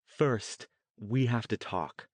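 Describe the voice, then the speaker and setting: A man voicing a cool, smug blonde woman kidnapper who talks in a calm, coaxing, self-assured way. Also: fairly low pitch, slow, breathy edge, dry recording. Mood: cold.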